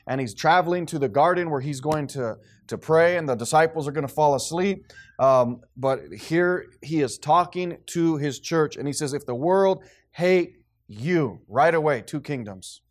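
A man preaching to his congregation as pastor. He reads scripture in a slow, deliberate way. Between readings he talks plainly and conversationally, with an easy, informal manner. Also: a little high. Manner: reads scripture slowly and deliberately, then talks casually with laughs. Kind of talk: sermon.

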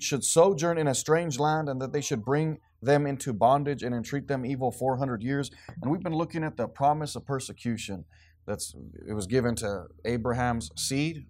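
A man preaching to his congregation as pastor. He reads scripture in a slow, deliberate way. Between readings he talks plainly and conversationally, with an easy, informal manner. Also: medium pitch, darkish tone. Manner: reads scripture slowly and deliberately, then talks casually with laughs. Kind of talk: sermon.

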